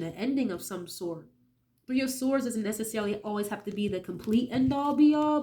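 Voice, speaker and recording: A woman's voice: mid-range voice, a little mellow. A young woman doing a casual tarot reading, chatty and sniffly as she gets over a cold, often checking in with "okay?". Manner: chatty, keeps asking okay, swears casually. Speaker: tarot reader.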